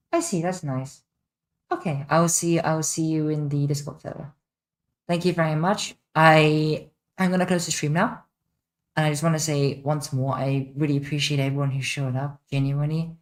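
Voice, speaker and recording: A streamer in a casual livestream Q&A, chatting off the cuff while answering viewers' questions from a home setup. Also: mid-range voice.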